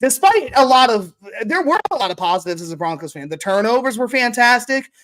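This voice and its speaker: Woman ranting, swearing, slightly high voice. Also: big pitch swings, brisk, fairly bright tone. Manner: profane, exasperated ranting. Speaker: podcast co-host. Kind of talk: casual sports podcast chat.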